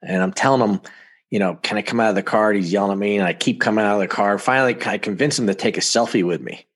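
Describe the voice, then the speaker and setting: This American man speaks fast in a lowish voice, a podcast guest on a talk show spinning casual anecdotes. He's animated and chuckles often as the stories unfold.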